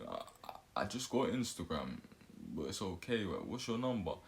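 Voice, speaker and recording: A man putting on a slow, deep, put-on voice to play his younger self sending flirty voice notes. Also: sing-song, vocal fry, slight background noise, heavily acted.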